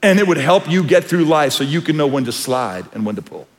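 A man preaching a sermon as pastor, telling stories and acting out quotes in an animated way. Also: fairly quick. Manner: animated storytelling, acts out quotes in high voices. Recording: long reverb of a hall.

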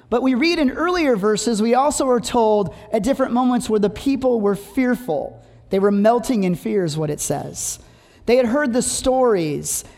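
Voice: mid-range voice, a little mellow. A preacher giving a sermon, reading scripture aloud and telling humorous stories. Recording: long hall reverb.

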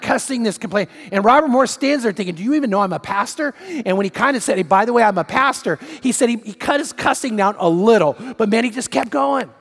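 A man's voice: very high-pitched, long reverb tail. A man preaching as pastor, telling stories conversationally and asking repeated rhetorical questions. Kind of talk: sermon.

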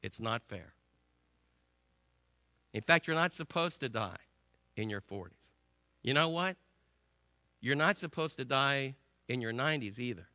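A man preaching a sermon to a congregation, telling a story with emphatic swings between loud and hushed delivery. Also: medium pitch, animated, unhurried, pauses often, dry recording. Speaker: pastor.

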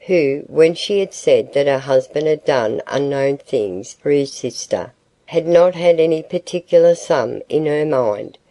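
A woman with a low, warm and mellow voice reads a classic novel aloud. Her narration is measured and even, calm storytelling from start to finish. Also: dry recording, rough recording. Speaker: audiobook narrator. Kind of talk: scripted narration.

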